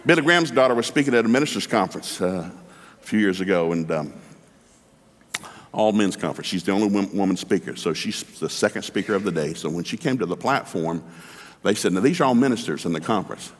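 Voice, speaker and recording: A man's voice: sits low, lively intonation, fast, long reverb tail, slight background noise. A middle-aged man preaching a sermon as a folksy storyteller, acting out both sides of conversations.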